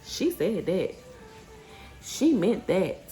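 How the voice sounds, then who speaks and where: A woman's voice: mid-range voice, very animated, drawn-out words, mellow, soft background music. A woman vlogging in a rambling, casual way, stopping and restarting her sentences and getting heated when she rants. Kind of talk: casual vlog chat. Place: outdoors then home.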